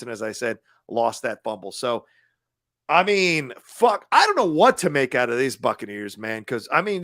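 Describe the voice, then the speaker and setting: A man co-hosting a sports podcast, talking about football in an animated, profane way and laughing often. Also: a little high, dry recording, clean studio sound. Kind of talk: casual sports talk.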